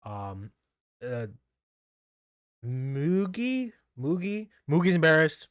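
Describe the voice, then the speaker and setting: A man's voice: a little high, very animated, slow pace, smooth, no room sound, clean studio sound. A man recapping manga chapters in a casual solo talk, rambling, laughing often and stumbling over names. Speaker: manga reviewer.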